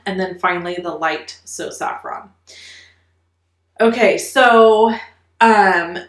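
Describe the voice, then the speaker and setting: A woman's voice: fairly low pitch, roomy sound. A middle-aged woman telling a story in a chatty way while she works on a card, leaning on "like" as she talks. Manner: chatty, animated, lots of "like" fillers. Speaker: card-making vlogger. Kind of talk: casual storytelling while crafting.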